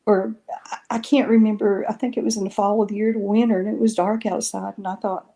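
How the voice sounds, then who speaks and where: A middle-aged woman tells her story in a loose, rambling way. She often stops to correct and restate details. Her voice is mellow and warm, pitched in the middle. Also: flat delivery, fairly quick. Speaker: guest recounting paranormal experiences. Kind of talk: casual storytelling interview.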